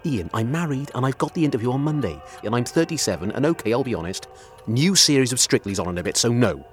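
A man's voice: medium pitch, big pitch swings, fast, soft background music, close to an everyday voice. An actor in his thirties playing a weary married man, dry and reluctant, in an audio drama. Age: 30s.

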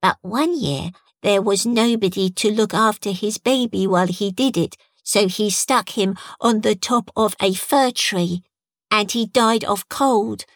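A woman's voice: mid-range voice, unhurried, no room sound, studio quality, pitched above the performer's own voice, lightly acted. A woman voicing a small, earnest boy who speaks with a lisp, in a read-aloud story. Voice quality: lisping.

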